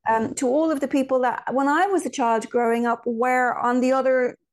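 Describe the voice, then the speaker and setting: A woman's voice: high voice, steady tone, moderate pace. Chatty woman telling stories. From Ireland. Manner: chatty, storytelling, many restarts and asides. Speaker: guest. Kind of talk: casual interview chat.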